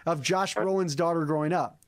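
A man's voice: a little high, a little fast. A man hosting a casual comedic movie review podcast, retelling the plot with acted-out quotes. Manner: animated storyteller who acts out characters' lines. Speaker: podcast host.

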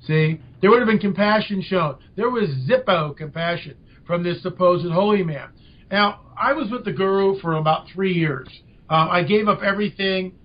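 An older man, a podcast guest, telling a story with lively emphasis. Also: high-pitched, moderate pace. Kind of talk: storytelling in an interview. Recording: dull lo-fi audio.

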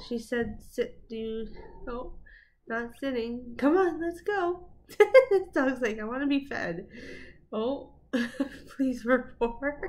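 Young woman giggling through clip reactions, kinda high voice, talks slow and easy. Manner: giggly, chatty, talks back to the clips. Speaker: video host reacting to clips. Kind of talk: casual reaction commentary.

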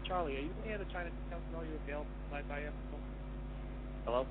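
A man's voice: on the high side, fast. A man working as a police officer, answering a phone call in a patient, dry, matter-of-fact way. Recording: tinny phone line with noise and traffic.

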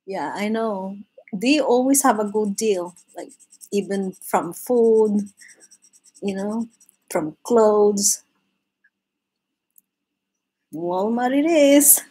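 A woman's voice: medium pitch, slow pace, mellow, slightly rough, poor audio. A woman hosting a live drawing stream, chatting casually with viewers, laughing often and restarting her sentences.

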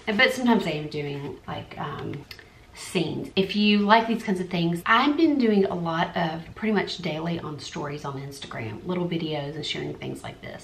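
A woman, an art YouTuber, chatting casually through a supply haul and muttering asides to herself. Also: lowish voice. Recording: echoey room, faint noise.

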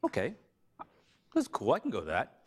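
A man from Tennessee giving a seminar talk in a lively, joking way. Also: medium pitch, normal speed, husky. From Tennessee, USA. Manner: animated, joking, slips into a put-on Southern drawl for a gag. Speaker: seminar speaker. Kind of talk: lively academic lecture. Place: lecture room.

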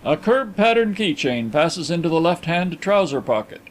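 A man's voice: fairly high pitch, very animated, normal speed, rough recording. A man doing a deferential, precise manservant.

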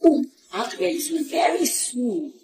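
A woman's voice: high voice, big pitch swings, moderate pace, darkish tone, a little hiss or hum, rough recording. An actress with a Nigerian accent playing a devoted young female student in love, earnest in tone and dropping into Pidgin at times. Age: young adult. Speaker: university student. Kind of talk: Nollywood film acting.

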